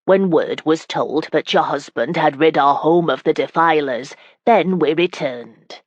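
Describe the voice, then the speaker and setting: A woman reading an audiobook voicing a humble, earnest female castle servant in a measured, deferential delivery. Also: deep voice, no echo.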